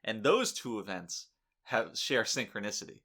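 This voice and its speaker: A man's voice: lowish voice, moderate pace. A man co-hosting a podcast, chatting casually with dry, joking delivery. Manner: deadpan joking, playful bits. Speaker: podcast co-host. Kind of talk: casual comedic chat.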